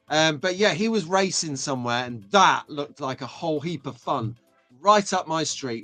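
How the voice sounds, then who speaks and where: A middle-aged British man hosting a casual live stream, chatty and excitable, greeting viewers by name. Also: on the high side.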